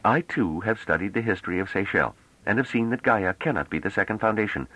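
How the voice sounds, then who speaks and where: A man's voice: fairly low pitch, fast talker, pushed and bright, rough recording. A man reading as a stern woman leader. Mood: commanding. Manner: firm, commanding. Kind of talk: audiobook character reading.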